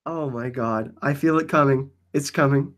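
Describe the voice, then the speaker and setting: Excitable man hosting a live chat. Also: mid-range voice, moderate pace. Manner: excitable, laughs often, frequent filler "like". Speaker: livestream host answering chat.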